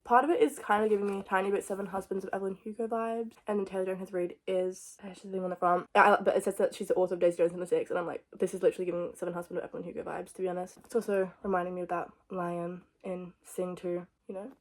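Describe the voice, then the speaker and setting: Chatty excitable young woman vlogger. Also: lowish voice, fast talker, few pauses. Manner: chatty and excitable, jumps between thoughts. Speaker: book vlogger. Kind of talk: casual book chat.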